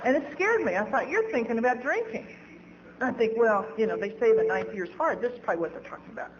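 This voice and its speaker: Brief: woman at a recovery meeting, frank self-mocking storyteller, middle pitch, dull lo-fi tape with faint hiss. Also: animated, quick pace. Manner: candid, self-mocking, laughs at own stories. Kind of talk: personal storytelling talk.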